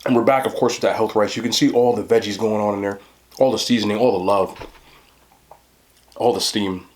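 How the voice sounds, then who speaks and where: A man's voice: lowish voice, steady tone, brisk. A young man chatting casually to camera as a mukbang vlogger, laid-back and talking between bites with his mouth full. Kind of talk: casual talk to camera while eating.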